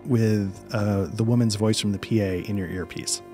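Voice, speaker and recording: A man running a tabletop role-playing game as game master, calmly describing scenes with frequent fillers. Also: on the low side, moderate pace, faint music behind. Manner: calm descriptive narration with many fillers.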